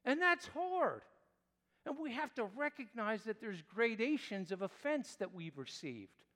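High-voiced man preaching in an echoing hall. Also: big pitch swings, a little slow. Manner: emphatic preaching with wide swings in pitch and loudness. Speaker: pastor. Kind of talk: sermon.

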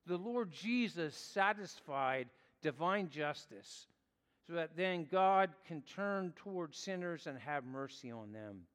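A man preaching in an unhurried, earnest way, dwelling on the words he wants to stress. His voice sits a little high for a man. Long reverb trails behind him, as in a large hall. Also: animated, fairly bright tone. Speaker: pastor. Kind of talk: sermon.

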